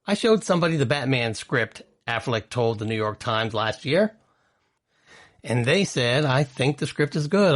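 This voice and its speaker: A man hosting an entertainment news podcast, chatty and opinionated, reading out quotes and adding his own asides. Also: mid-range voice. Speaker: podcast host. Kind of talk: casual entertainment news commentary.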